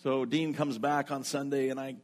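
A middle-aged pastor with a medium-pitched voice speaks at a moderate pace while preaching a sermon. He tells a personal story as a lively storyteller, acting out what each person said.

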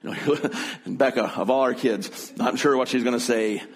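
A man's voice: mid-range voice, normal speed, husky. Earnest man preaching a story-driven sermon. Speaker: pastor.

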